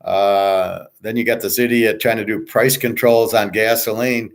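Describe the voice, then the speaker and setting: A middle-aged sports-picks host and betting tipster rants casually in a lowish, steady, unhurried voice. He's blunt, boastful and profane, rambling from one point to the next.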